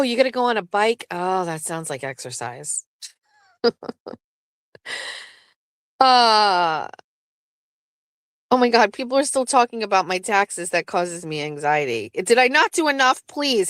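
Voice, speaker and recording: A woman's voice: mid-range voice, unhurried, pauses often, no room sound. Woman, show host, casual rambling chat, cusses freely, dry close mic. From southeastern Massachusetts. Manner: chatty, rambling, swears freely; lively, breaks into laughs.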